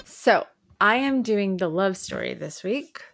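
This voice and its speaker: Woman cohost, excitable and chatty, lots of exclamations, middle pitch. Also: a little slow, loud music behind the voice. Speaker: podcast co-host. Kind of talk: casual chat.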